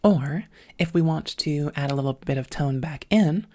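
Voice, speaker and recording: A woman teaching a voice lesson, with a thin, slightly smoky voice and a touch of vocal fry, talking methodically through each step. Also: low-pitched, normal speed, darkish tone. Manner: methodical, breaking sounds into parts, with many "um"s. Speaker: voice training coach. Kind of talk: instructional voice lesson.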